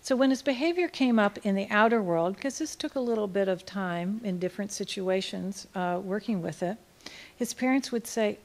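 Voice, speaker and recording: Woman telling a case story at a conference. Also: medium pitch. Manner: reads quotes with feeling, soft and slow at tender lines. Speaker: conference speaker. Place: auditorium.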